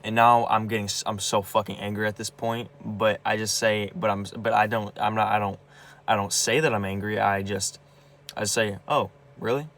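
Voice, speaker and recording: This is a personal venting monologue from a young man, a vlogger, whose lowish voice holds a level tone at a moderate pace with a touch of brightness. Agitated and upset about his family, he stumbles, restarts, repeats words, and curses heavily.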